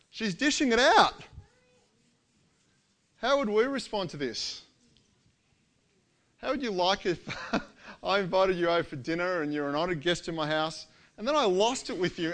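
A man preaching a sermon, telling a story with lively, acted-out quotes. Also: high-pitched. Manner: animated storytelling, acts out quoted lines.

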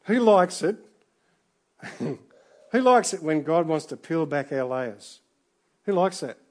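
A middle-aged man preaching a sermon in a relaxed, conversational way, full of restarts and asides. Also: a little high, slow pace. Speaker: pastor.

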